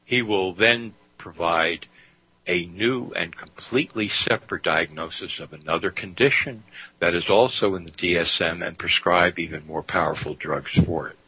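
A man's voice: low-pitched, moderate pace, sharp tone, breathy edge, rough recording. A man hosting a talk radio show, speaking emphatically and often saying "you see". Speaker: guest radio host.

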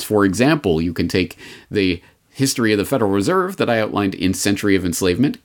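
A man hosting a history commentary show, speaking in a measured, deliberate way with sardonic asides. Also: fairly low pitch. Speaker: podcast host.

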